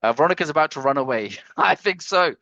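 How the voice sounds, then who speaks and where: A man hosting a live software training webinar over a video call, reading chat comments aloud, teasing and joking between walkthrough steps. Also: on the high side, animated, quick pace, no echo. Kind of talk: casual live screen-share tutorial. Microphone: computer mic on a video call. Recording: dry, slightly dull video-call audio.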